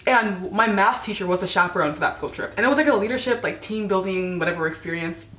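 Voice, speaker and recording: A woman's voice: mid-range voice, quick pace, a bit bright, echoey room. A teenage girl telling embarrassing stories to camera in a chatty, casual way, peppered with "like" and acted-out quotes. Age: teens. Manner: chatty, lots of "like", acts out quotes. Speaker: vlogger.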